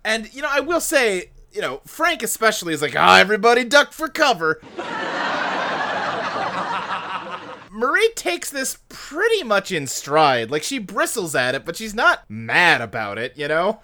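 A man's voice: high-pitched, wildly swooping pitch, slow, pushed and bright. A man co-hosting a podcast, recapping a sitcom in casual chat, laughing often and acting out the characters' lines. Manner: chatty, laughs often, acts out quotes. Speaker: podcast co-host.

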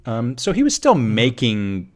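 A man's voice: mid-range voice, huge pitch swings, a little slow. Podcast guy gushing about a movie, laughs a lot, trips over his words, medium voice. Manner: enthusiastic, laughs often, restarts mid-sentence. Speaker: podcast co-host. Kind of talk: casual film review chat.

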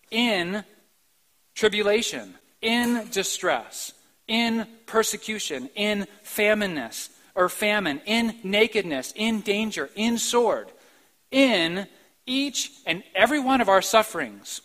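High-voiced emphatic male preacher. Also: lively intonation, rough recording. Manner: emphatic preaching with sudden loud outbursts and soft, slow stretches. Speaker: pastor. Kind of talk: sermon. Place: church sanctuary, live-streamed.

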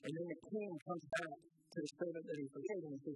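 A man's voice: a little high, fast talker, husky, no echo, low-quality recording. A man preaching a sermon as a pastor, speaking earnestly and often repeating words as he restarts phrases.

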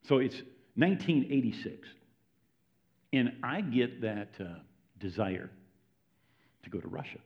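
This preacher from the United States speaks in a mid-range, sing-song voice, unhurried and with long pauses. His sermon feels like conversational storytelling, and he keeps checking in with listeners, though the recording is dull and lo-fi.

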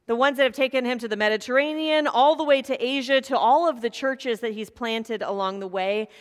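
A woman preaching in a church, telling stories in a relaxed, conversational way with playful asides. Her voice sits somewhat high. Each phrase trails off into the long reverb of a large sanctuary. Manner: warm, conversational storytelling with asides. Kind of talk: sermon with storytelling.

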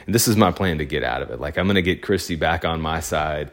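A man casually recounting a personal story, rambling along with lots of filler words and animated retellings. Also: extremely low pitch, quick pace. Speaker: event photographer.

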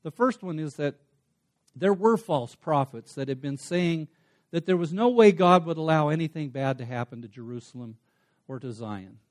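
Guy preaching, kinda high voice, goes quiet then loud, drags out words for emphasis. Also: animated. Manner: swings between soft asides and emphatic raised passages; slows down to stress single words. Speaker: pastor. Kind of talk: sermon.

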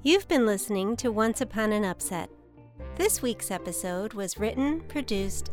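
A woman hosting a children's story podcast, narrating in a gentle, soft and soothing scripted style. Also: fairly high pitch.

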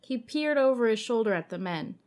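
A woman's voice: fairly high pitch, lively intonation, brisk, a little mellow. A woman co-host reads a gory story aloud in a loose, casual way. She giggles often and stumbles over words, then corrects herself and keeps going. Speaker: podcast co-host.

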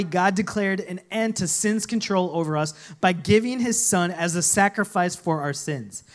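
A man preaching a sermon as a pastor, talking conversationally and telling stories with voiced quotes. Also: high voice.

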